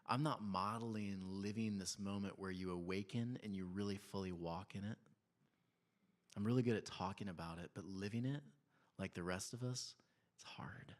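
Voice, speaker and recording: A man in his thirties preaching a sermon in a church, telling family stories in a conversational, animated way with laughs and quiet asides. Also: lowish voice, normal speed. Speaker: pastor.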